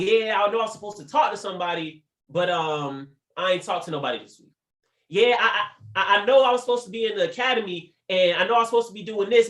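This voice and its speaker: On a livestream, a man delivers a faith-based motivational talk in a high, fairly bright voice. He's playful, laughing often as he acts out little scenes. The sound is roomy.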